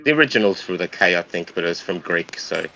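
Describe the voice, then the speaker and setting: Man on a casual watch-along, chatty and explanatory, very bright tone, muffled lo-fi audio. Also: sits low, lively intonation, brisk, creaky.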